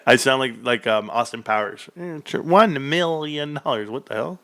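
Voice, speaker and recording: A male livestream host reacting excitedly to an earnings report, reading figures aloud and bursting into shouts. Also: mid-range voice, normal speed, no echo, studio quality. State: out of breath.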